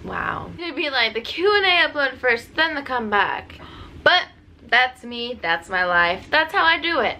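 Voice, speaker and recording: A woman's voice: high-pitched, very animated, a little slow, bright, forceful tone, slight background noise, poor audio. A young woman rambling jokily through a casual Q&A vlog, full of fillers and asides. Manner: rambling, jokey, lots of fillers. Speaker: DJ and YouTuber.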